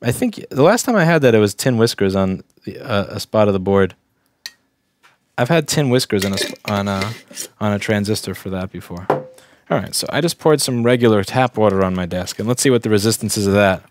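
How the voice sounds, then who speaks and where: Man, low voice, dry close sound, casual, blunt, thinks out loud while testing. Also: expressive, brisk, no room sound. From Staten Island, New York. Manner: thinks aloud, restarts sentences, blunt. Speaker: repair technician. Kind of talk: casual livestream bench demo.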